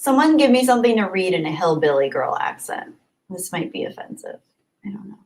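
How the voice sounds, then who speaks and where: A woman hosting her own livestream in a relaxed, chatty way. She reads viewer comments aloud one after another and answers each in easy conversational talk. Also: mid-range voice, a little fast. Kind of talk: casual livestream chat reading comments.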